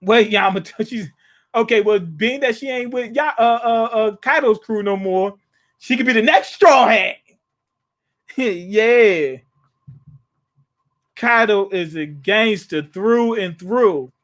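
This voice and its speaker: This manga reaction host has a high, slightly bright voice and takes things slowly. He reads scenes out loud, then loosely retells them in slang, frequently starting over with a chuckle.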